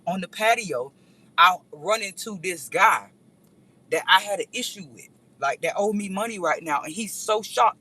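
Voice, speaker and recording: A woman's voice: medium pitch, normal speed, slight background noise, poor audio. A woman vlogger telling a rambling story in a casual chat, speaking straight to her viewers. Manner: animated, rambling, addresses viewers directly.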